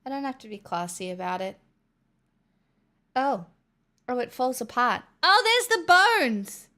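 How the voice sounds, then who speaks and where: A woman with an Australian accent chats on her live stream in a high, unhurried voice. She narrates each step aloud as she tastes food and thanks viewers. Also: very animated, pushed and bright. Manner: chatty, narrating while tasting food. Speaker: livestream host. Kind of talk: casual live-stream chat.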